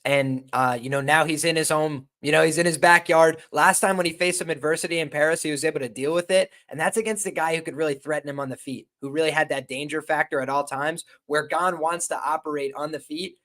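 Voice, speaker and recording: A man's voice: a little high, fairly even intonation, a little fast, few pauses, a bit bright. A man appearing as a guest analyst, giving confident, upbeat fight analysis in a casual chat.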